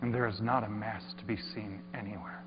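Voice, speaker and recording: A man's voice: on the low side, flat delivery, fairly quick, slightly rough. Dramatic man telling a story in a hall. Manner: swings from hushed murmurs to shouting. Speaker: speaker. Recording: echoey hall, dull lo-fi sound with hum.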